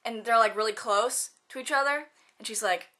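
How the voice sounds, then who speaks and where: Teen girl vlogger, bright and forceful tone, a touch high, giggly chatter. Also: normal speed. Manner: bubbly, giggly, lots of fillers and quoted asides. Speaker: student vlogger. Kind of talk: casual chatty vlog.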